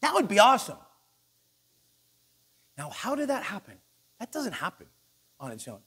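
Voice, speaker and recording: A male pastor preaching a sermon in a church, animated and joking, acting out the people he quotes. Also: high voice, normal speed, breathy edge.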